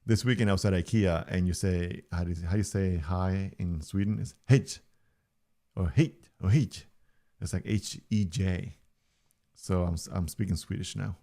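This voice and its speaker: Streamer, male, 40s, native Spanish speaker; deep gravelly voice, joking and easygoing. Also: steady tone, moderate pace, dark tone. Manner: playful, joking, chuckles often. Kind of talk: casual stream chat.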